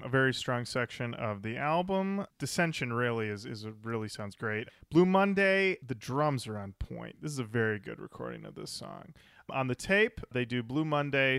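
A man's voice: medium pitch, gravelly, a bit bright, clean tone, dry recording, studio quality. A man co-hosting a podcast, chatting casually and telling stories. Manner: chatty storyteller, slips into quoted voices. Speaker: podcast co-host. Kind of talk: casual chat.

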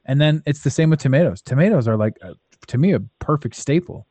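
A man's voice: fairly high pitch, animated, fast talker, mellow, dry recording. A man hosting a podcast in casual chat, talking bluntly and emphatically and swearing freely. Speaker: podcast host.

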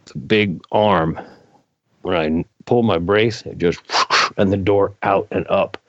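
An older man, a guest in an interview, telling a story in a casual, animated way, his voice jumping up when he gets excited. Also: low-pitched, a little slow, no echo. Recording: dull lo-fi recording.

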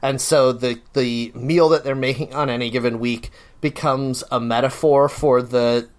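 A man co-hosting a podcast, chatting casually and telling stories with animated laughter. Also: medium pitch, moderate pace. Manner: animated storytelling with laughs and swearing. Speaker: podcast co-host. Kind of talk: casual chat.

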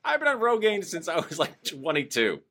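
Lively-voiced joking male podcast host. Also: on the high side, fairly quick. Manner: joking, self-deprecating banter. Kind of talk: casual podcast chat.

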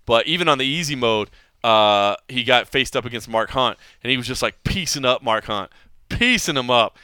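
A man in his forties hosting a podcast, telling stories in a rambling, animated way with frequent restarts. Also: medium pitch, normal speed, clean tone, no echo, studio quality. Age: 40s. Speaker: podcast host. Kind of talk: casual chat.

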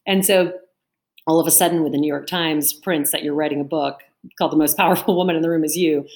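Low-voiced woman telling a lively story. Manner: lively anecdotal storytelling, acts out quotes. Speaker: auctioneer and author, guest. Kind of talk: storytelling interview answer. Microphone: remote video call.

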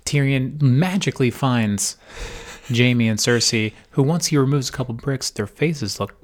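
A man's voice: mid-range voice, measured pace. A man from Ohio co-hosting a podcast, recapping a show in casual, profane, joking chat. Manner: profane, jokey, acts out characters' lines. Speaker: podcast co-host.

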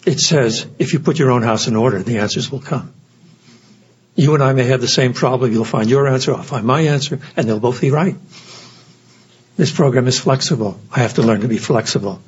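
A man's voice: medium pitch, a little fast, lo-fi sound. An older man giving an earnest, reflective personal talk at a recovery meeting. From United States. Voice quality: very husky.

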